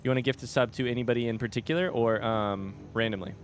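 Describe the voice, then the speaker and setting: A man's voice: mid-range voice, steady tone, quick pace. A man streaming a game from home, chatting with his viewers and reading out their comments. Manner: chatty, reads out viewer comments, coos at a baby. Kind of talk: casual live-stream chat. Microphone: desk microphone.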